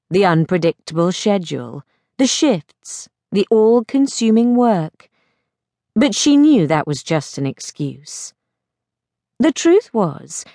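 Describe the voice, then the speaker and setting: A woman narrating a mystery audiobook in a measured, expressive storytelling manner. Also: fairly low pitch, dry recording, clean studio sound.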